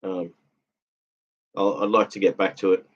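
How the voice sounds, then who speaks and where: A man's voice: low-pitched, flat delivery. Tired man rambling on a livestream. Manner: rambling, halting, lots of fillers and restarts, laughs often. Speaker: livestream host reading chat comments. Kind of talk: casual livestream chat. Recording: dull lo-fi sound.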